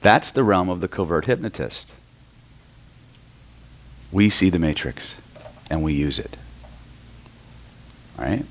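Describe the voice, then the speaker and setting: A man's voice: low voice, very animated, slow, long pauses. A middle-aged man from Oklahoma teaching a live seminar on hypnosis, telling stories and often checking in with the audience. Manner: storytelling, keeps checking in with the room. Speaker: hypnosis and NLP trainer.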